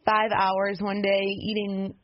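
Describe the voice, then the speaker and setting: A woman's voice: medium pitch, monotone, takes it slowly, no echo. Chatty woman on lo-fi radio. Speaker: co-host. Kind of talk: casual chat. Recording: dull lo-fi radio audio with faint noise.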